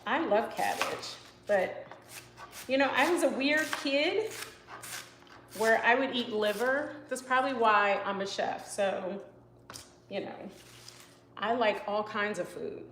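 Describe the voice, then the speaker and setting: A woman's voice: on the high side, takes it slowly, pauses often, a bit bright, echoey room, slight background noise, low-quality recording. Chatty woman chef streaming live. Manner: chatty and rambling, full of "you know" and "like", answers comments as she cooks. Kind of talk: casual live cooking stream, chatting with viewers. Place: home kitchen.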